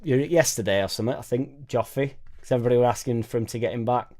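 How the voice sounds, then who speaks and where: A man's voice: medium pitch, fast talker, dark tone. A man hosting a casual live stream from a home studio, chatting in a rambling, jokey way and reading out viewer comments. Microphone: suspended studio microphone.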